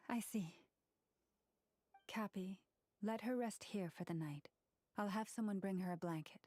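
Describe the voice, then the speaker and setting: A woman's voice: medium pitch, a little slow, no echo, natural voice. Lauma, a woman voicing a whispering moon priestess. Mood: gentle. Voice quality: breathy near-whisper. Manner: calm, solemn and reassuring. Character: soft-spoken gentle female moon priestess healer.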